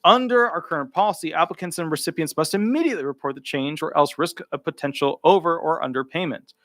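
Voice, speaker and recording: A man's voice: on the high side, fast, fairly bright tone, no room sound, clean studio sound. A man working as a disability attorney, giving live commentary while reading a rule aloud, with emphatic repeated words and offhand asides between the passages.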